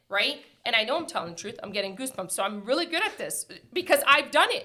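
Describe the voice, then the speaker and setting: A woman's voice: a little high, sharp tone. A woman in casual podcast chat, talking emphatically and bluntly, repeating phrases for stress.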